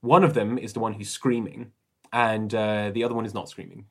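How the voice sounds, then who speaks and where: A man narrating as game master of a tabletop role-playing game, relaxed and chatty with many fillers. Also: on the low side, a little fast.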